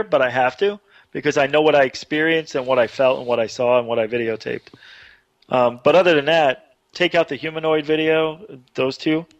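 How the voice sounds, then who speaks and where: A man telling a long personal story on a talk show, getting animated and louder as it builds. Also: medium pitch, no room sound. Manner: animated, excited retelling with rising voice. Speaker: radio show guest. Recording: dull dry online radio audio.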